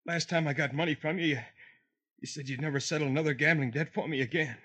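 An actor playing a panicky, weak younger brother in a 1950s radio drama, frantic and pleading. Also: male voice, on the high side, steady tone, quick pace, fairly bright tone, husky. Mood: shaken.

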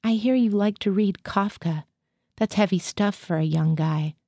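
A woman's voice: mid-range voice, moderate pace, dark tone, no echo, clean studio sound, close to an everyday voice. A woman reading the lines of a male military psychiatrist who questions his patient dryly. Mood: questioning.

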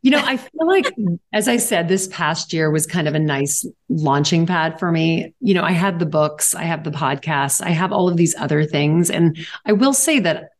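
A woman in her forties from Louisiana talks in a low, full register. She tells quick, upbeat stories as a guest on a podcast interview, with plenty of energy. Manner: animated storyteller, quick and upbeat with laughs. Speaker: guest, charity auctioneer and founder.

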